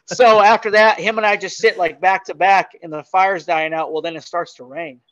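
A man telling a story as a podcast guest in casual, animated chat, often laughing. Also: high voice, normal speed, dry recording, lo-fi sound.

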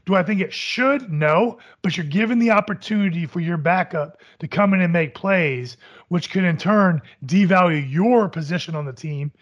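A man co-hosting a casual sports talk show, giving measured opinions that weigh both sides. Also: high voice, muffled recording. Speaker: podcast co-host.

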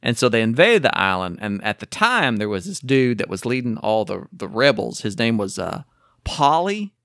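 A man co-hosting a casual podcast chat, rambling excitedly through a history tangent. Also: medium pitch, normal speed, vocal fry, no room sound, clean studio sound. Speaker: podcast co-host.

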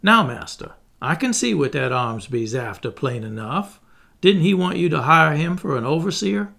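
An enslaved man pleading earnestly with his master, as a male narrator voices him, full of protest. The voice is a somewhat high male voice with a creaky, gravelly texture. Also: sing-song, moderate pace, sharp tone, full character voice.

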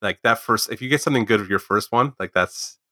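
A man's voice: on the low side, fast talker, bright, forceful tone, dry recording, clean studio sound. A man chatting casually, rambling with lots of "like" and frequent swearing. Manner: rambling, swears often, heavy use of "like". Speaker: drummer and comic artist. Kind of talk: casual chat.

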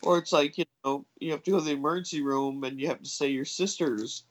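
A woman telling a long personal story in casual chat, hesitant and full of fillers and restarts, jumping up in pitch when she acts out what others said. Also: fast, rough recording. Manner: acts out quoted voices with big pitch jumps.

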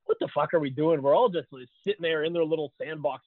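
A man calling in as a podcast guest, ranting fast and profanely in exasperation. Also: a little high, no echo. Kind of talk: casual chat. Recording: tinny phone line.

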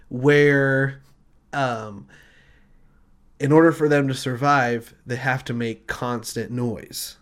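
A man co-hosting a casual comedic chat who rambles through an invented film pitch. He acts out the scenes as he goes, jumping between narration and little bits of dialogue. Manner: animated, rambling storyteller acting out scenes. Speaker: podcast co-host pitching film ideas.

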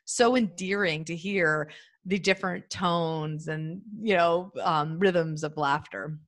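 A woman in her fifties talking earnestly in a casual podcast interview over a remote call, in short halting phrases. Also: low voice, fairly even intonation, a bit bright. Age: 50s. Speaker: guest. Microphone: remote audio call.

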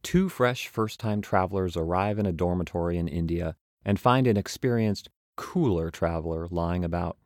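A man's voice: low voice, normal speed, few pauses, a little mellow, no echo, clean studio sound. A young man narrating his travel journal aloud, wry and self-mocking.

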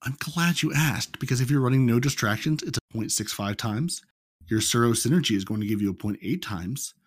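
A man's voice: mid-range voice, lively intonation, fairly quick, breathy edge, no room sound, studio quality. A man with a General American accent, explaining game numbers in a matter-of-fact way on a casual podcast. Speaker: podcast co-host reading game patch notes.

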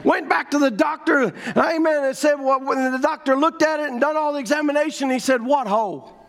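A middle-aged man preaching with a drawl and a strikingly high voice. He builds fervently into shouted declarations before dropping back to a plainer storytelling tone. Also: fairly quick. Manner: fervent, shouting, rising to proclamations. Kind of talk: revival sermon.

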